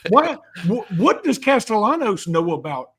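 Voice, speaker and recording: A man co-hosting a sports podcast in casual chat, animated and quick with asides. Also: sits high, breathy edge. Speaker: podcast co-host.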